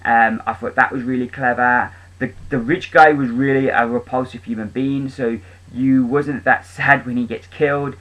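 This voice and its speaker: A man talks through his weekly comic picks in a loose, chatty way. His voice sits at an ordinary middle pitch. He is clearly enthusiastic, but he often pauses on an um and restarts his sentences. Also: fairly even intonation, a bit bright, low-quality recording. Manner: rambling, with many ums and restarts. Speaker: comic book reviewer. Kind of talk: casual spoken review.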